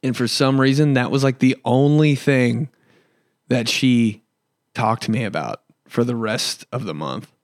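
A man's voice: mid-range voice, a little slow, no room sound. Profane rambling young man, dry mic. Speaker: podcast host and comedian. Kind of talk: casual solo podcast chat.

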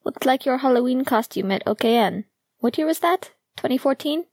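A woman's voice: sits high, animated, fairly quick, darkish tone, no room sound, clean studio sound, voice pushed up. A woman voicing a brash, foul-mouthed young male hockey player in an audiobook, talking bluntly and cockily. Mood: cocky. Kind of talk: audiobook character voice.

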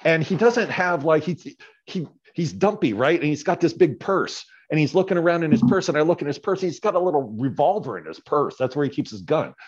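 A man casually telling a story as a podcast guest, animated and often tagging his lines with "right?". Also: on the high side, fairly quick, breathy edge, lo-fi sound.

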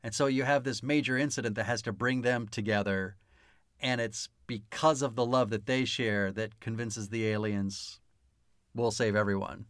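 A man's voice: mid-range voice, normal speed, fairly bright tone, dry recording, clean studio sound. A man co-hosting a casual film podcast, swearing freely and laughing often as he talks. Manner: profane, laughs often, mock-stern teasing. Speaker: podcast co-host. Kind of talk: casual chat about a film.

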